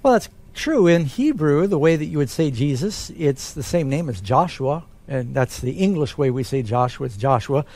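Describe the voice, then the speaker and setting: Man, pastor, slightly high voice, relaxed conversational explaining. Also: moderate pace, hardly any pauses. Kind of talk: Bible question and answer talk.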